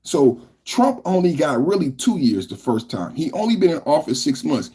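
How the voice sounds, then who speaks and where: A man's voice: a little high, big pitch swings, normal speed, mellow, husky. A man hosting a reaction podcast, ranting angrily with heavy profanity and mocking his critics. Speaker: podcast host reacting to clips. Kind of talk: heated political rant.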